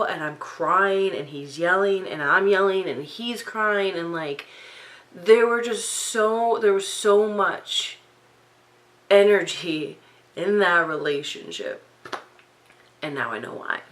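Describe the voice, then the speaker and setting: Rambling young woman with a bright voice. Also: on the low side, takes it slowly, low-quality recording. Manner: rambling, many fillers and restarts. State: sleep-deprived, up late at night. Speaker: vlogger. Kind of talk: unscripted personal vlog.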